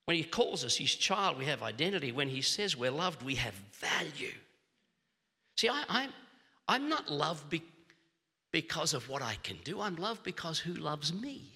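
Australian male pastor, middle-aged, high and brilliant tone, animated storyteller. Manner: animated humorous storytelling with quick restarts. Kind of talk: sermon. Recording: long hall reverb.

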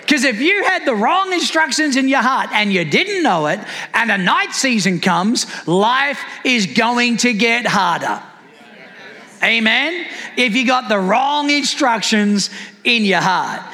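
A man's voice: extremely high pitch, very animated, a little slow, pushed and bright, long reverb tail. A man preaching a sermon as a pastor, calling out to the congregation with rising fervor.

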